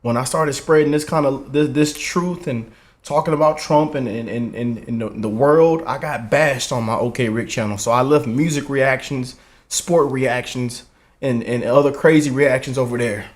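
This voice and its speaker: A man's voice: medium pitch, normal speed. A man hosting a reaction channel, speaking in a heartfelt, emotional way and often adding "man" and "y'all". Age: 20s.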